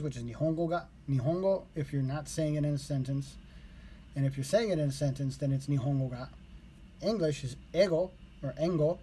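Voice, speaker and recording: A man's voice: mid-range voice, dark tone, a little hiss or hum. Casual rambling man reviewing lessons. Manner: rambling, with fillers and self-corrections. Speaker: language learner vlogger. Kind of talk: casual explanation to camera.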